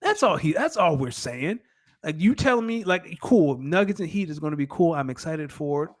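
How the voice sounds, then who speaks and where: A man's voice: fairly high pitch, expressive, moderate pace. A man co-hosting a casual podcast chat, making his case in an emphatic, argumentative way. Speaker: podcast co-host.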